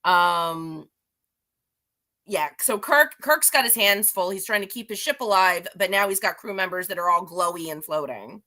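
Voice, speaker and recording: A chatty woman recapping a comic book in a casual, rambling way, laughing at herself as she restarts her sentences. Her voice is bright and fairly low. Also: animated, moderate pace. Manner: chatty, rambling, self-deprecating. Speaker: guest reviewer.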